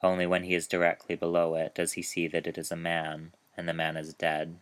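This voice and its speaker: Low, flat-voiced man reading a dark tale. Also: a little fast, smooth. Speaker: author reading his story. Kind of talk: narrated story reading.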